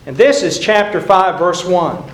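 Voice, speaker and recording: An older male preacher delivers an earnest, emphatic sermon, leaning on repeated phrases. His voice sits high and moves at a slow, deliberate pace. The sound rings in an echoey church sanctuary.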